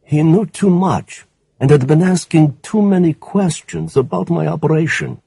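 A man's voice: normal speed, vocal fry, dark tone, slightly rough, no echo, heavily acted. A man voicing a weary female crime boss. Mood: weary, scornful. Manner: low, tired, contemptuous.

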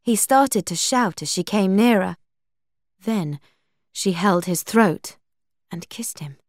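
A woman reads a storybook aloud at a slow, deliberate pace. Her pitch rises and falls a lot, and the sound is dry and close. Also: lively intonation, dry recording. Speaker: narrator.

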